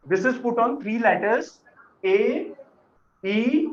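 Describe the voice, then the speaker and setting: A high-pitched man teaches beginners in an unhurried, patient way, repeating key words so learners can follow. The recording is roomy and a bit muffled, with a lo-fi edge. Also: expressive. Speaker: French teacher. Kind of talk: classroom lesson explanation. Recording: echoey room, dull lo-fi sound.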